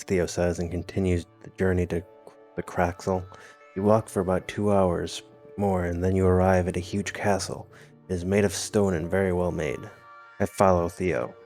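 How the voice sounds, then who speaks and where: A man's voice: sits low, steady tone, moderate pace, darkish tone, soft background music. A man reading a text adventure game aloud, adding wry, amused comments of his own. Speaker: gamer.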